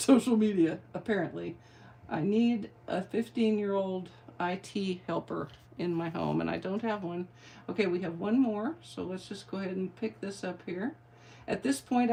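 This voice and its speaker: A woman's voice: medium pitch, darkish tone. A middle-aged woman giving a card-making tutorial, chatty and playful, with rambling asides. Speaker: craft demonstrator.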